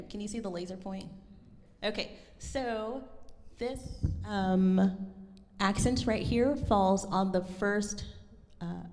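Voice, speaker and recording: A woman's voice: medium pitch, creaky, a little mellow, long reverb tail. A woman giving a lecture recital, speaking thoughtfully and correcting herself with frequent ums. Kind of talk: lecture presentation.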